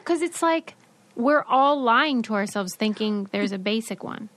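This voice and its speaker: A woman's voice: fairly high pitch, animated, unhurried, fairly bright tone, no echo. A woman co-hosting a podcast, chatting casually and explaining what she read, with side remarks. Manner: chatty, explains a study with asides. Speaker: podcast co-host. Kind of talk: casual chat.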